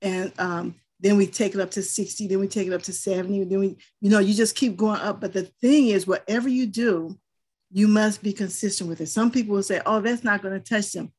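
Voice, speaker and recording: Husky grandmother, firm and earnest. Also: mid-range voice, steady tone, fairly quick, warm tone. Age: older. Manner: firm, earnest, tells stories. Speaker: panelist. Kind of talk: casual discussion.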